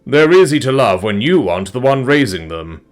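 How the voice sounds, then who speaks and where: A man voicing a kind, motherly female dragon who speaks politely and teases gently in a storybook reading. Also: medium pitch, wildly swooping pitch, normal speed, soft background music, voice pushed up. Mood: fond teasing. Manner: polite, wistful, playful.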